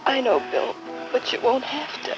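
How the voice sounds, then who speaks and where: An actress playing a boxer's devoted young wife in a 1940s film, speaking softly and soothingly. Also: female voice, high voice, sing-song, moderate pace. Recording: dull old film soundtrack with music.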